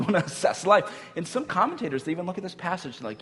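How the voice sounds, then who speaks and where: A man's voice: sits high, big pitch swings, a little fast, few pauses, bright, forceful tone. A male pastor giving a sermon in a casual, conversational way, with filler words and light laughs. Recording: long hall reverb.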